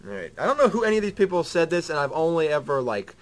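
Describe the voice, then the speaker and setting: A man's voice: fairly high pitch, very animated, fast talker. A young man co-hosting a radio show in casual banter, wry and self-deprecating.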